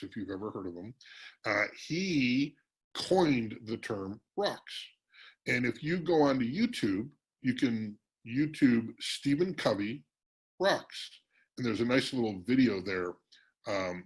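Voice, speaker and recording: A man presenting a business workshop in a virtual meeting, energetic and teasing, calling on audience members by name. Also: medium pitch, breathy edge, rough recording.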